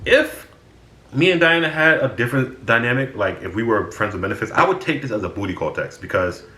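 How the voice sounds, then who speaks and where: A man's voice: mid-range voice, expressive, a little fast, pushed and bright, reverberant. A man casually telling stories about his friends on his vlog. He sounds exasperated and swears freely. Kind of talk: casual storytelling.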